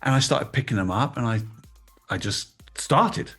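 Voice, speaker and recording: A middle-aged man from England, a guest in an interview, telling animated, emotional stories about his past in casual chat. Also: medium pitch, moderate pace, slightly rough, faint music behind. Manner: animated storytelling, emotional, self-deprecating. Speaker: guest, toy designer.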